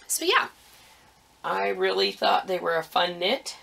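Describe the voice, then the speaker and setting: A woman's voice: mid-range voice, animated, measured pace, vocal fry, sharp tone, slightly rough. A woman hosting a knitting podcast, chatting casually about her projects with frequent ums, a little out of breath.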